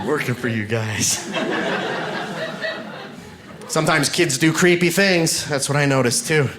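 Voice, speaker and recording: A man in his thirties works a club crowd in a stand-up set, his fairly high voice leaping around as he mocks himself. He talks into a stage mic, and the live recording carries a clear layer of room noise. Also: moderate pace. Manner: animated, self-mocking storytelling with bursts of shouted punchlines. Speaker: stand-up comedian.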